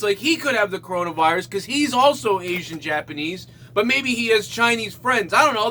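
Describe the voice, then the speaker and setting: A man hosting a comedy show, giving a ranting comedic monologue that often bursts into loud shouts. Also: high voice, animated, fairly quick, few pauses.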